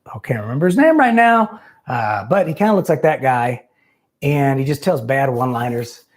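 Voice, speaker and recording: A man's voice: medium pitch, lively intonation, normal speed. A man hosting a live call-in show, chatting loosely and profanely, rambling and poking fun at himself. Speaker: host.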